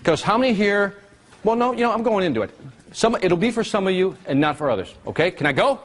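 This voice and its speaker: An energetic man leads a live seminar, his voice swinging widely up and down as he fires questions at the room. It sits a little high for a man, and he rarely lets a point pass without checking the audience is with him. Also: quick pace. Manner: energetic, keeps quizzing the audience. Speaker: workshop presenter.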